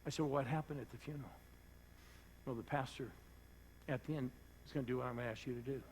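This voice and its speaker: A man preaching a sermon as pastor, telling an earnest story that sinks to hushed tones at its emotional moments. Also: mid-range voice, steady tone, fast talker, slight background noise, low-quality recording. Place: church.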